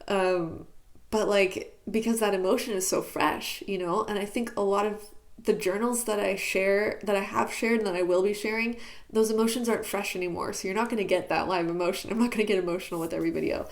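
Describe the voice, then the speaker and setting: A woman's voice: medium pitch, steady tone, fairly quick. Candid woman musing in her bedroom. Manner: candid, searching, many "like" fillers. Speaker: YouTuber. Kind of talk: reflective personal vlog. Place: bedroom at home.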